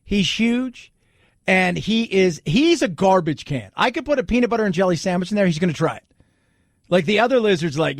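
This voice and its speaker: A middle-aged man hosts a talk radio show, talking bluntly and cracking jokes as he goes. His voice sits high for a man. The studio sound is close and dry. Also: big pitch swings, brisk, no echo. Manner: blunt and jokey, slips into mocking voices.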